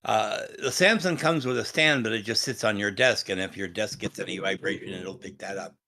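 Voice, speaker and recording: Bright gravelly low-voiced British man. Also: fairly quick, a little hiss or hum. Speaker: podcast co-host. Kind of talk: casual livestream chat.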